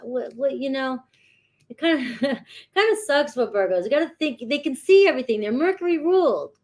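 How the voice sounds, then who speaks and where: A woman's voice: high voice, expressive, normal speed, a little mellow. A woman doing a casual tarot reading, chatty and talking straight to her viewers, often checking in with "all right.". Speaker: tarot reader.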